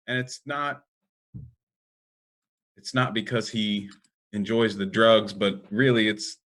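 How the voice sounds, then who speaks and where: A man's voice: fairly low pitch, fairly bright tone. A man playing a character in a horror tabletop game, speaking in a polite, formal way. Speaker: player. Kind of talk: in-character tabletop role-play.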